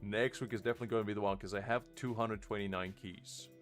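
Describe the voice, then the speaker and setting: A man's voice: fairly low pitch, fairly even intonation, fast, soft background music. A man chatting casually on a live game stream, rambling and laughing at himself. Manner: rambling, self-mocking, laughs often.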